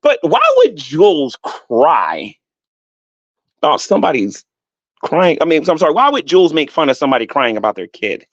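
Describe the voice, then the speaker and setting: Animated man roasting rivals on a stream. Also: on the high side, normal speed, dry recording. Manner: animated, roasting, frequent laughter. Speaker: YouTube commentator. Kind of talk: mocking rant to a livestream chat. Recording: dull, dry lo-fi audio.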